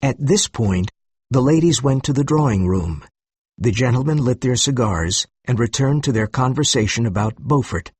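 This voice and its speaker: Husky male story narrator. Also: mid-range voice, lively intonation, normal speed, dry recording. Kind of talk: scripted story narration for learners.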